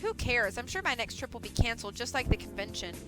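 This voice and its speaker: A woman's voice: fairly high pitch, very animated, fast talker, music in the background. A woman reading aloud from a game, voicing a sad, self-pitying male cat senator in a whiny, defeatist way. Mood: despairing.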